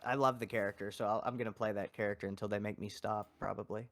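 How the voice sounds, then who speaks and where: A man's voice: on the low side, fast talker. A man who is a guest on a podcast and a dungeon master, telling stories with acted-out quotes and heavy swearing. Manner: animated storyteller who acts out quotes, swears a lot. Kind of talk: casual podcast chat.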